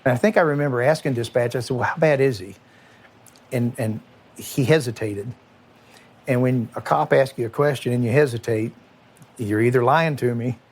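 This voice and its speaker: A middle-aged man with a Kentucky accent, a former police chief recalling a night in a halting, emotional interview, with many restarts and trailing pauses. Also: mid-range voice, darkish tone. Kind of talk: recorded interview recollection.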